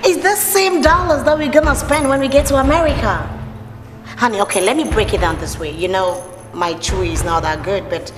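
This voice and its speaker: A woman's voice: on the high side, fairly quick, natural voice. An actress playing a Ghanaian woman posing as an American, apologetic and chatty with many fillers. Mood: persuasive. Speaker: film character. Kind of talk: film acting. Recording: echoey hall with loud film music.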